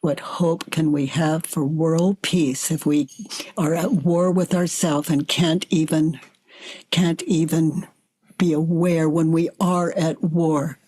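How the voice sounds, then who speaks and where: An older woman facilitating a self-inquiry dialogue, gently coaxing her guest and calling her honey. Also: deep voice, steady tone, breathy edge. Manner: gentle, slow, coaxing with endearments.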